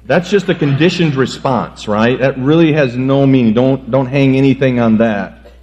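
A man's voice: mid-range voice, a little mellow. Middle-aged guy preaching, folksy n jokey, trips over his words, dull lo-fi sound w mains hum. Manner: folksy and joking, with halting restarts. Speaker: pastor. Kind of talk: sermon.

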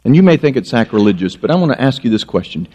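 A man's voice: medium pitch, fast. A male pastor preaching a sermon, telling stories and joking at his own expense before a congregation. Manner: animated storytelling with self-mocking jokes.

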